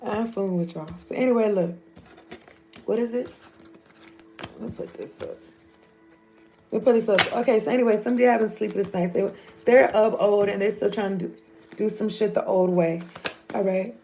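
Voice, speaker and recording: A woman's voice: medium pitch, fairly even intonation, fairly quick, a little mellow, faint music behind. A woman, giving a loose, joking, profane tarot reading. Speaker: tarot reader.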